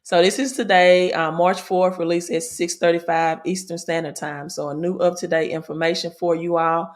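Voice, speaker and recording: A woman from Mississippi with a Southern accent, hosting a casual livestream about money and crypto, chatty and repeating herself, often tagging sentences with "right?", and reading news aloud haltingly. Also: on the low side, level tone. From Mississippi, American South.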